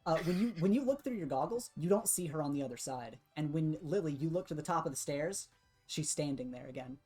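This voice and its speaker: Mulher de voz grave narrando como mestre. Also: female voice, sits low, brisk, slightly rough, soft background music. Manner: relaxed, filler-heavy narration, giggly. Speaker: game master. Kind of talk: narrating a tabletop game.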